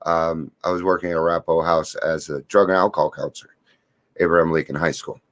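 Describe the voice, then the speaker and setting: A man's voice: low-pitched, flat delivery, quick pace, a bit bright. A middle-aged man talking to camera in an earnest, confiding way, sharing a daily recovery reflection and stories. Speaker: recovery vlogger.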